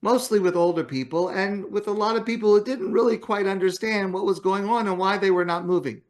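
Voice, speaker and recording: A man's voice: high-pitched, a little fast. A man giving a morning talk as a rabbi, telling a story in a conversational way. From Canada.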